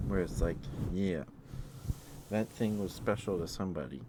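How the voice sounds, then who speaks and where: A man rambles in a soft-spoken ASMR style, with a very low voice. He pauses often and fills the gaps with hesitant fillers. A steady hiss sits under the recording. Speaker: streamer.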